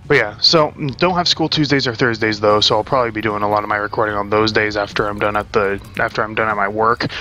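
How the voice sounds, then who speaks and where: A young man talks at his home desk while he plays, rambling and swearing freely. His voice sits on the low side yet comes across bright and forceful. Faint game music plays behind him. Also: highs cut off. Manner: rambling and profane, chatting while playing. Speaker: gaming channel host. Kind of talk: casual let's-play commentary.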